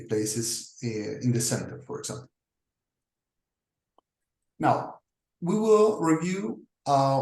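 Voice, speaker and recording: A man teaching a lesson, talking through slides deliberately with frequent pauses and fillers. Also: mid-range voice, darkish tone. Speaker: English teacher. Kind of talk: slow explanatory lecture over slides. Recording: echoey room.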